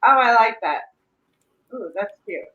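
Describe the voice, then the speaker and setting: A middle-aged woman hosting a casual live stream, chatty and quick to laugh. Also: medium pitch. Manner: laughs often, chatty and animated. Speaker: livestream host. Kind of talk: casual chat. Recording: dull lo-fi stream audio.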